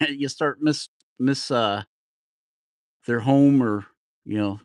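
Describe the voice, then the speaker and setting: A man's voice: mid-range voice, slow, long pauses, dry recording. Middle-aged jersey guy rambling on a carving livestream, dry close sound. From New Jersey, USA. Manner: rambling, self-deprecating, laughs often. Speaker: woodcarving livestream host. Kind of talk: casual chat while carving.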